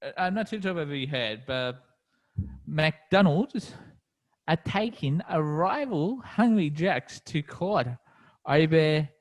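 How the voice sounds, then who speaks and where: A man with an Australian accent, co-hosting a podcast in easygoing, halting casual chat. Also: a little high, expressive. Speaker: podcast co-host.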